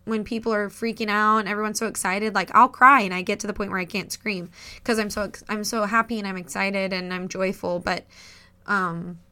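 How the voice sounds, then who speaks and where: Bright-voiced chatty woman podcaster. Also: mid-range voice, little pitch movement, brisk, clean tone. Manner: chatty, emotional, laughs often. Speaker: podcast co-host. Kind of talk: casual podcast chat.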